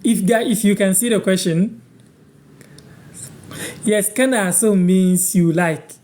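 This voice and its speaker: A man from Ghana hosts a live-stream lesson, giving each word slowly and then repeating it. His voice is mellow and dark, with an unhurried, patient delivery. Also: sits high. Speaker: host teaching language on a live stream. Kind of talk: live-stream language lesson, answering viewers.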